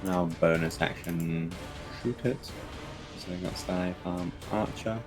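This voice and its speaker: A man playing a tabletop role-playing game, describing his character's actions at an unhurried pace. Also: deep voice, music in the background. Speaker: player.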